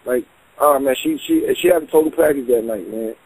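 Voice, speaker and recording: A man's voice: medium pitch, a little fast, a little mellow, slightly rough, dry recording, poor audio. A man talking animatedly in a casual panel chat, sprinkling in "man" and "yo.". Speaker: battle rap commentator.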